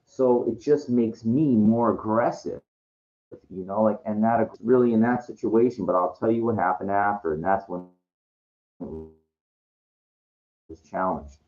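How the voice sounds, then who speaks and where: A man's voice: fairly low pitch, measured pace, long pauses, a little mellow, highs cut off. A man rambling in a frustrated monologue vlog, repeating himself and restarting his sentences. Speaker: vlogger.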